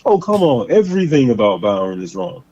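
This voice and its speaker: Animated man with a mellow, lo-fi voice. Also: mid-range voice. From Boston area. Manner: animated, drawn-out emphatic delivery. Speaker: podcast host. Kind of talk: casual political chat. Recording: slightly dull lo-fi sound.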